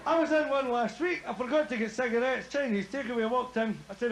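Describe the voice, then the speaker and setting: A man's voice: extremely high pitch, fast, low-quality recording. A Scottish man doing a chatty stand-up comedy routine on stage, laughing at his own jokes. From Scotland.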